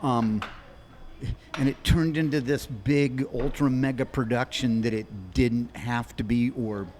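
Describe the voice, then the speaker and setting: A man in his sixties, a musician guest on a podcast, telling long anecdotes in quick animated bursts with many restarts. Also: medium pitch. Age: 60s. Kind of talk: rambling storytelling in an interview.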